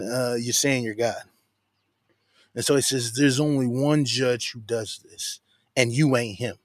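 A man's voice: a little high, darkish tone, no echo, studio quality. A man giving a casual, conversational verse-by-verse Bible teaching, emphatic at points and dropping slangy asides.

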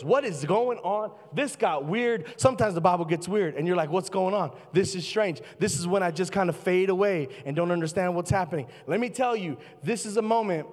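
A man preaching a sermon as pastor, fervent and shifting between loud bursts and quiet, low asides. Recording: long reverb of a large hall.

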